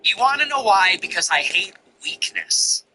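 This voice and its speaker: A man's voice: high voice, big pitch swings, normal speed, pushed and bright, a little hiss or hum, poor audio. A man hosting a commentary show, ranting contemptuously in repetitive, emphatic lists. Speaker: show host. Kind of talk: political commentary monologue.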